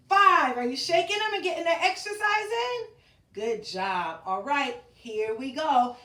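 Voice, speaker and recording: A bright, lively woman reads a children's story aloud and leads little ones through movement games, her pitch swinging widely as she counts along. She is recorded from across an echoey room, so her voice sounds distant. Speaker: preschool teacher reading aloud. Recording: roomy echo from a distant camera.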